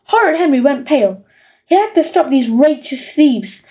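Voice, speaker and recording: High-voiced woman narrating a children's audiobook. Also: normal speed. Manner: expressive storytelling.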